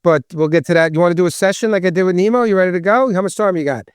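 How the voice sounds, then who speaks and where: A man with a Long Island New York accent and a loud, distinctive voice, joking and chatting as a podcast host. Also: sits high, very fast, clean tone, no room sound, studio quality. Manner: animated, joking, talkative. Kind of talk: casual podcast chat.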